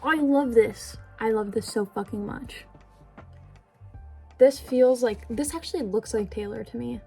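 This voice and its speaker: A young woman talks casually to her camera at home, gushing over each gift and scattering fillers and sorries as she goes. Her voice sits a little high with a mellow, warm tone. Soft background music plays faintly behind her. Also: a little slow, vocal fry, breathy edge, poor audio. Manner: gushing, chatty, many fillers and apologies. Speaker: vlogger. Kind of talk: casual vlog unboxing. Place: indoors at home.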